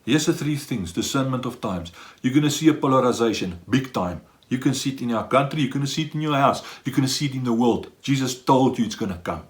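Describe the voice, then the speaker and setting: Animated male preacher. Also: medium pitch, brisk, hardly any pauses. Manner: animated, acts out dialogue in quoted voices. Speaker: pastor. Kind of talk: sermon.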